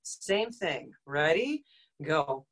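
A woman's voice: low-pitched, big pitch swings, extremely slow, fairly bright tone, low-quality recording. Woman voice teacher leading vocal exercises. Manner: instructive, demonstrating vocal exercises. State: slightly dry voice. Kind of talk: online group vocal exercise lesson.

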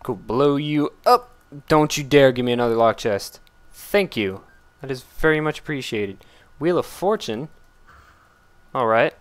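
A man giving casual gameplay commentary, blurting out excited exclamations and complaints at the game as he plays. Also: medium pitch, a little slow. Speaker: let's play gamer.

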